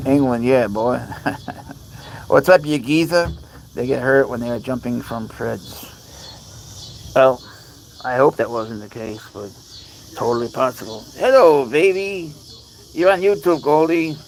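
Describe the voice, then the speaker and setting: A man speaks in a relaxed, chatty way as he talks to viewers on a casual stream, reading their comments aloud between remarks. His voice sits at an ordinary pitch. He is outdoors at night, with faint crickets chirping behind him. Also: gravelly, a little hiss or hum, low-quality recording. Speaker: cat owner livestreaming. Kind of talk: casual livestream chat. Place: outdoors at night among bugs.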